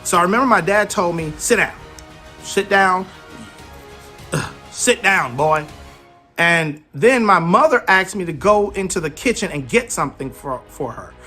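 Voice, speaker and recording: A man in his forties giving an emphatic motivational talk on parenting, telling stories from his own life. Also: sits high. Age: 40s. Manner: emphatic, animated storytelling. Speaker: parenting speaker.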